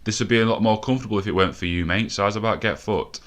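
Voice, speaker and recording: A young man commentating a football video game live, a bit out of breath and swearing often, shouting when the action peaks. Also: lowish voice, very fast. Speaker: gaming commentator.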